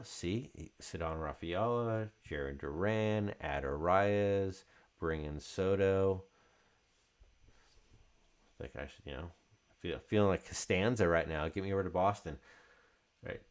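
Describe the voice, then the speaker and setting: A man's voice: deep voice, measured pace, long pauses. A man hosting a card break, chatting casually and calling out card names as he opens packs.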